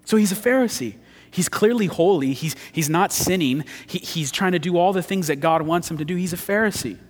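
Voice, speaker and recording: A male pastor preaching a sermon, swinging from loud emphasis to hushed intensity. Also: high-pitched, expressive, brisk. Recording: long church hall reverb.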